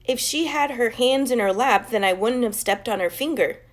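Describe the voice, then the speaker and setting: A woman voicing a rowdy, boastful young schoolboy in a storybook with a brash, loud delivery. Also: on the high side, moderate pace, lightly acted.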